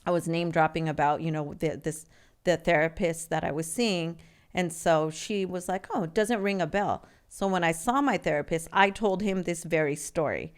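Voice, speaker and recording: With a low, clean voice, a forty-something woman from California recounts her life as a guest on a podcast. She comes across as earnest and open, though she often stops and starts over.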